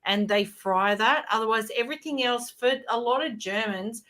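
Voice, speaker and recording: A woman chatting casually in an online group, laughing easily and pausing with fillers. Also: fairly high pitch, a bit bright. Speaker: chat participant.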